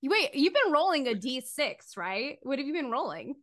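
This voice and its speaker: A bright-voiced woman game master narrates a tabletop horror game, often breaking into giggles. Her voice sits fairly high and rings sharp and clear. She moves between playful teasing and vivid scene-setting. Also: normal speed. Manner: animated, giggly storytelling.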